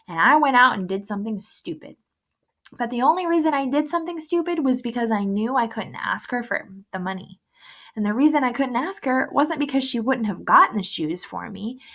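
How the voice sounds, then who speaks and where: A woman's voice: on the high side, a bit bright. A woman reading a first-person novel aloud in an earnest, emotional storytelling manner. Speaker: audiobook narrator.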